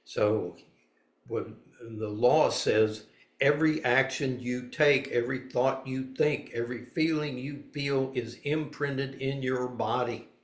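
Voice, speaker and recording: A man's voice: medium pitch, steady tone, slow, echoey room. A man giving a dharma talk as a spiritual teacher, blunt and folksy, moving between reading and emphatic asides.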